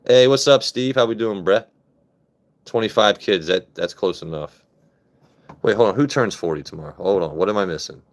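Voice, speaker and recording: A man in his late thirties from Maryland, talking casually into his phone during a live stream. His voice sits a little low, and he rambles, jokes and swears freely as he reads out viewer comments. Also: moderate pace. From Maryland, USA. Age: 30s. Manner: loose, profane, joking banter with chat.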